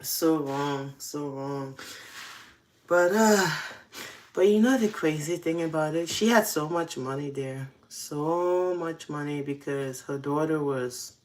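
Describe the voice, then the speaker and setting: Low-voiced woman telling stories with laughs. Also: takes it slowly. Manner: laughs often, confessional and animated. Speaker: host. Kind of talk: casual storytelling.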